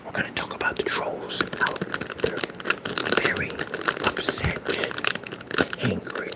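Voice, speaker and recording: Whispered role-play, man doing a teasing mock ASMR host, slow breathy whisper. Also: close to an everyday voice, low-quality recording. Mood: mocking calm. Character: mock ASMR host soothing angry trolls.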